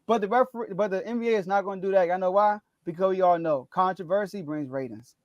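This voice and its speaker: A man's voice: high-pitched, fast talker, a little mellow, no echo, lo-fi sound. A man hosting a casual sports talk podcast, laughing often and ranting with animation. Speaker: podcast host.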